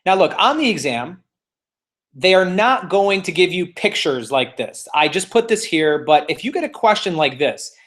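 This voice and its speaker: A man's voice: sits high, big pitch swings, normal speed, a bit bright. A man teaching a live online real estate exam class, playful and teasing, walking students step by step and cheering them on.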